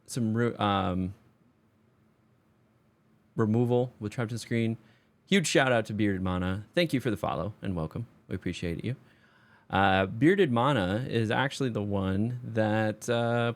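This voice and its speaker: A man's voice: lowish voice, creaky. Exasperated self-mocking man commentating. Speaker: streamer. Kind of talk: voice-over commentary on a card game.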